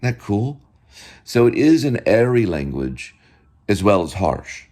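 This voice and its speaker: A man's voice: lowish voice, sing-song, measured pace, dark tone. A man hosting a casual home video, lecturing and drilling the same words over and over. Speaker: show host.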